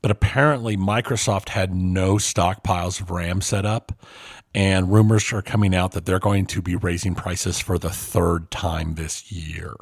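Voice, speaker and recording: A man co-hosting a podcast in casual chat, relaxed and hesitant as he goes through news items. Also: low voice, measured pace, creaky, no echo, clean studio sound. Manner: relaxed, hesitant, many fillers while reading news. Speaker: podcast co-host.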